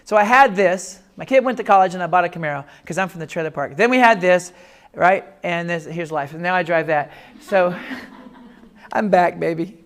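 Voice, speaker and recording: Brief: man in his fifties, lively comic storyteller, warm-up talk in a classroom. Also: high voice, moderate pace. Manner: animated storyteller, lively jokes, acts out voices. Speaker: speaker. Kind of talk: humorous personal talk. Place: classroom or lecture room.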